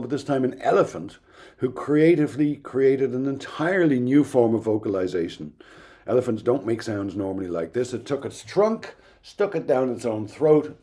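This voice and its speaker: A middle-aged man giving a recorded university lecture in an explanatory, thoughtful way, pausing now and then with "um". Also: medium pitch, dark tone. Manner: explanatory, thoughtful, with occasional ums and restarts.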